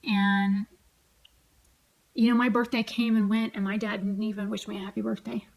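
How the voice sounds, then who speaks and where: A woman's voice: medium pitch, level tone, normal speed, vocal fry, a little mellow, poor audio. A woman in her forties venting at home in a heated, profane rant, retelling arguments line by line. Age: 40s. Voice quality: heavy swearing, blunt and heated. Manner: retells arguments with quoted back-and-forth. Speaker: vlogger. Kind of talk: angry personal rant. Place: home, sitting on a tall stool.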